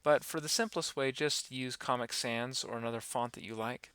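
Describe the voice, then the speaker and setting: A man giving a relaxed, rambling software tutorial, talking through each step with many fillers. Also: mid-range voice, moderate pace, smooth, no echo. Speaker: animation instructor. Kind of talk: screen-recorded software tutorial.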